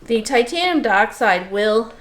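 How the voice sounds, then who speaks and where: A soapmaker from Missouri, USA, gives a casual step-by-step demonstration, narrating each step as she works. Her voice is fairly high and animated, a little slow, against a noisy background.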